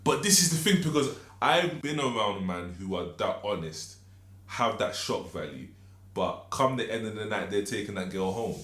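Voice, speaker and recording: A man's voice: fairly low pitch, expressive, normal speed, a bit bright. A young man with a London accent, co-hosting a podcast and giving earnest, reflective advice. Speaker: podcast co-host. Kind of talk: casual chat. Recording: echoey room.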